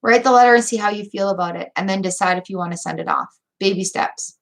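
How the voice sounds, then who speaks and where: A middle-aged woman reading tarot on a live stream, telling a story in a chatty, animated way and talking straight to her viewers. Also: mid-range voice, fast talker, poor audio. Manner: animated, talks straight to viewers, repeats phrases for emphasis.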